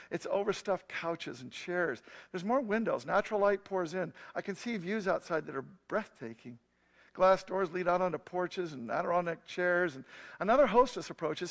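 A man's voice: on the high side, gravelly. A man preaching a sermon, telling a story and then teaching in an earnest, emphatic way.

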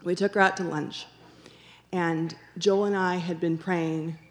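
This church member testifies about her own experience in a fairly low, steady voice that moves a little slowly. She's earnest as she tells it, performing the dialogue she recalls and repeating phrases to drive points home.

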